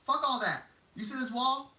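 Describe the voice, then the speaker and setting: A man's voice: very high voice, moderate pace, bright, forceful tone. A man giving a playful, slangy motivational lecture at a whiteboard, laughing as he explains. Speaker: whiteboard teacher. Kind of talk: casual motivational lecture at a board. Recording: echoey room, mic at a distance.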